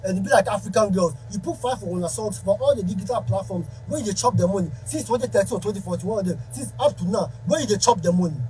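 A man's voice: sits high, quick pace, few pauses, darkish tone, faint music behind, rough recording. A man speaking Ghanaian Pidgin English, a musician ranting angrily to camera in a heated, confrontational way. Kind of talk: angry rant to camera.

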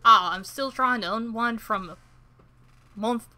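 A woman's voice: on the high side, measured pace, sharp tone. A woman voicing a hearty old fisherman in a video game, speaking in a folksy sailor's manner. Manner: folksy sea-dog talk.

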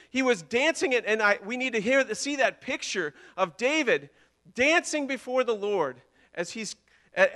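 A man preaching from the pulpit with a high, bright voice. He delivers the sermon with passion, repeating his words and moving from ringing declarations down to quiet, intimate lines. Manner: impassioned, repeating words, swinging between loud and hushed. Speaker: pastor.

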